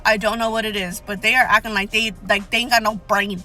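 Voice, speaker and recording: A woman's voice: mid-range voice, fairly even intonation, fairly quick, pushed and bright, soft background music, low-quality recording. A young woman telling a storytime rant in a casual, exasperated and sarcastic way, swearing freely. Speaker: storyteller vlogger.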